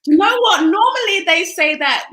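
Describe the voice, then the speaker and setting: Bright high-voiced woman in an echoey room. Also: animated, normal speed. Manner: upbeat, teasing, laughs often. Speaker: interview host. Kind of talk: casual interview chat. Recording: roomy echo.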